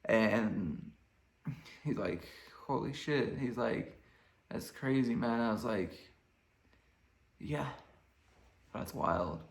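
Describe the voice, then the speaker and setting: A man's voice: mid-range voice, lively intonation, very slow, creaky, pauses often. A young man casually telling a rambling story as a vlogger, with lots of fillers. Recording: echoey room.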